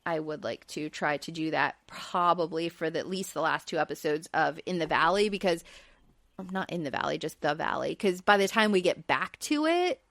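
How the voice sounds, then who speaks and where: A woman's voice: sits low, normal speed, fairly bright tone, no room sound. A woman hosting a podcast and recapping a reality show in casual, chatty talk, with plenty of fillers and light laughs. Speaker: podcast host.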